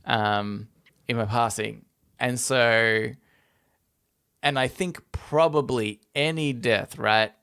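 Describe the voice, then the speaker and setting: A man's voice: medium pitch, fairly even intonation, slow pace, fairly bright tone, smooth. A man in his twenties co-hosting a podcast, talking loosely with lots of fillers and laughing often. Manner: rambling, giggly, lots of fillers. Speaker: podcast co-host. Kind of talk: casual chat.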